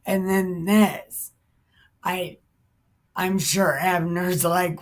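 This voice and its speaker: Woman, casual bible commentary, irreverent, swears, slang asides, very slow unhurried pace. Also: fairly low pitch, flat delivery.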